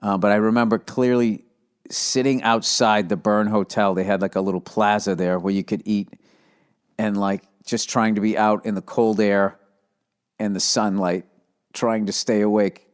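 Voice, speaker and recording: A man's voice: fairly low pitch, level tone, moderate pace, clear, resonant tone. A man hosting his own podcast, rambling loosely and swearing as he tells stories. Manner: loose, profane, storytelling. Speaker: podcast host. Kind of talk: casual solo rambling.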